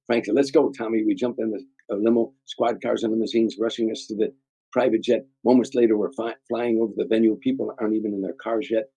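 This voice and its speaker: A man's voice: fairly low pitch, fairly even intonation, fast, dark tone, slightly rough, no room sound, poor audio. An older man, a comedian telling rambling, heartfelt stories in an interview, often repeating words. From Chicago area, USA. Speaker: guest comedian. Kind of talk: storytelling interview.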